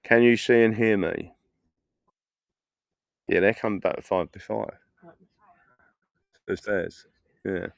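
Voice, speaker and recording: A man's voice: on the low side, takes it slowly, gravelly, long pauses, no echo, studio quality. A middle-aged man live streaming, telling rambling anecdotes in casual chat and laughing often.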